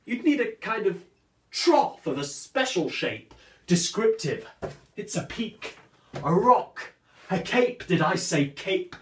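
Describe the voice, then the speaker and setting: A man's voice: high-pitched, big pitch swings, takes it slowly, a bit bright, slight background noise, exaggerated voice. A man playing Cyrano, grandly mocking, echoey room. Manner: declamatory, mocking, sweeping swings of voice. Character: proud witty swordsman mocking a rival, man. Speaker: stage actor performing a monologue. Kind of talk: theatrical verse monologue. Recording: roomy echo, distant from the mic.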